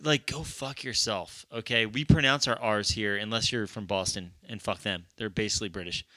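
Male co-host, casual film talk; bright, blunt, mock-ranting, recorded dry and close. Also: on the low side, moderate pace, dry recording. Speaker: podcast co-host. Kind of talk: casual movie chat.

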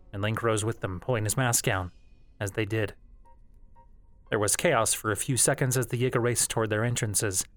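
A man narrating a fan novel as an audiobook in a steady, measured storytelling voice. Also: lowish voice. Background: faint background music.

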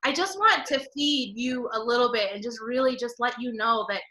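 A woman's voice: on the high side, normal speed, roomy sound, background noise. A woman hosting a podcast interview over a video call, gushing and emotional, rambling with many restarts. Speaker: podcast host.

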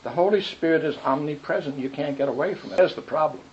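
A man giving a rambling, animated spiritual talk, telling stories with quick asides. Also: a little high. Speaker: spiritual teacher. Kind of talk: dharma talk with questions. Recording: muffled lo-fi recording with faint noise.

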